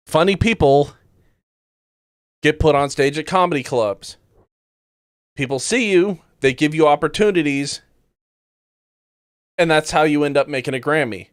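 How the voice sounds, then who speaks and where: A man's voice: on the high side, unhurried, pauses often, no room sound, studio quality. A man hosting a podcast who reacts to news clips bluntly and sarcastically, swearing often. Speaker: podcast host. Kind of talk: casual commentary on news clips.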